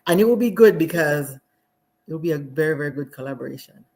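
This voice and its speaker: A Jamaican woman speaking as a guest in a casual live interview, animated and laughing often, with many fillers. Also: deep voice, fast talker. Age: adult with children.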